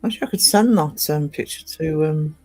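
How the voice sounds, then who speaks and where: A woman's voice: deep voice, a little fast, warm tone, faint music behind. A woman from northeast England chatting on a casual livestream, reading out viewer comments and rambling with lots of ums and restarts. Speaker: live streamer.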